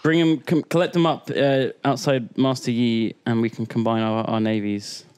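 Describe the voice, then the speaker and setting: A man chatting casually while playing a strategy game with friends, relaxed and explaining game mechanics. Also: mid-range voice, normal speed, clear, resonant tone. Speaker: gamer in a group let's play. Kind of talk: casual gaming chat.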